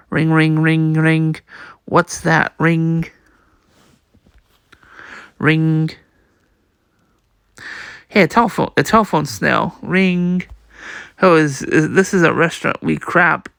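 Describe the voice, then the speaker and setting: A man's voice: a little high, steady tone, takes it slowly, vocal fry, long pauses, a bit bright, smooth, dry recording, studio quality. A man reading a manga aloud, voicing every part and the sound effects, often stumbling and repeating words. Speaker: comic reader.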